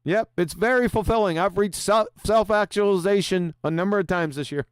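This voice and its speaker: Hosting a livestream, a man with a high-pitched, brisk voice mocks his opponent with profanity and reads super chats aloud, laughing often. The sound is clean, studio quality, with no echo.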